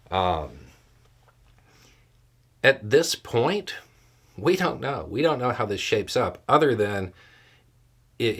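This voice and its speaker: A man giving political commentary in a measured, deliberate way, laying out scenarios step by step. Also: lowish voice, fairly bright tone, slightly rough.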